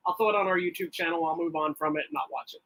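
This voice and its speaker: A middle-aged man co-hosting a podcast, telling stories in a rambling, animated way with frequent restarts. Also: on the high side, racing, poor audio. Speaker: podcast co-host. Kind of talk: casual chat.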